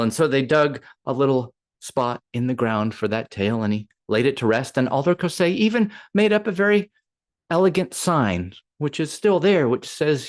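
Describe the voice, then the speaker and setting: A man spins a folktale for a storytelling circle, his voice rising and falling widely as he acts out the scenes. He tells it with expressive, animated delivery. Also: medium pitch, normal speed. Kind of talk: oral folktale telling.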